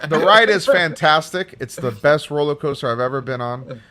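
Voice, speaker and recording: Lively, enthusiastic man hosting a chat. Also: fairly high pitch, moderate pace. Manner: enthusiastic, teasing. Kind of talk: casual group chat.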